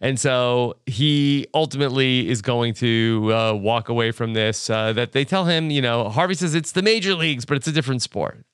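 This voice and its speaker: A man co-hosting a podcast, chatting casually with relaxed short replies and jokey asides. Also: medium pitch, normal speed, hardly any pauses, smooth, no echo, clean studio sound. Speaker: podcast co-host. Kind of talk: casual recap chat.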